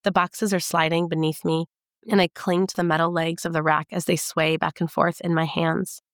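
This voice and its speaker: A woman giving a measured, intimate first-person audiobook narration. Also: lowish voice, level tone, no room sound, studio quality.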